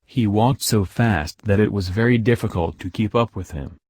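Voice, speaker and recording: Male audiobook narrator, measured storytelling, low voice, close mic. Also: darkish tone, slightly rough, dry recording. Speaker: audiobook reader.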